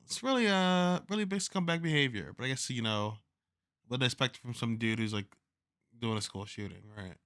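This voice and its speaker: A man's voice: medium pitch, a little fast, a bit bright, no room sound, clean studio sound. A man hosting a reaction video, commenting loosely with lots of fillers and swearing. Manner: loose, profane, rambling with many fillers. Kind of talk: casual commentary over clips.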